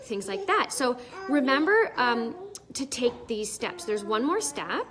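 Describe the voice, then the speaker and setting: A woman's voice: on the high side, very animated, unhurried, crowd noise. A woman giving casual direct-sales advice in a live video, chatty and plain-spoken with many fillers.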